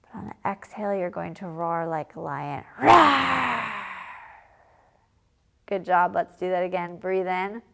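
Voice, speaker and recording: A woman teaching a children's yoga class, giving calm, encouraging step-by-step cues. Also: lowish voice, moderate pace, creaky, clean tone. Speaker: kids yoga instructor. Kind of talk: guided yoga lesson for children.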